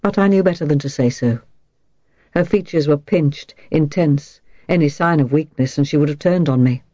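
A woman reading a first-person novel aloud in a calm, measured, reflective way. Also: sits low, no room sound. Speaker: audiobook narrator. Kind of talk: scripted first-person narration. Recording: slightly dull, dry recording.

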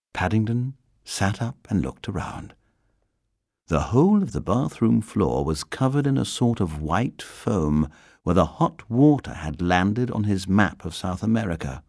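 Slow, expressive storybook narrator, a man. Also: on the low side, vocal fry, no room sound, studio quality. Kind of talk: storybook reading.

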